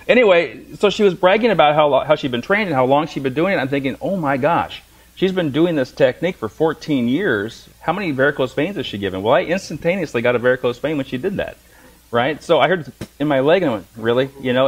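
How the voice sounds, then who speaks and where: A man's voice: medium pitch, rough recording. A middle-aged man lecturing a massage class, telling funny stories and acting out the voices of the people in them. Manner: storytelling with humor, acts out voices. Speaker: massage instructor.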